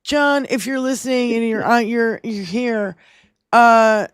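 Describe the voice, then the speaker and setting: A fairly high-voiced woman co-hosting a political chat show. She talks bluntly and heatedly and swears constantly. Her voice sounds close and dry. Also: steady tone, takes it slowly, smooth, no echo. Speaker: podcast co-host.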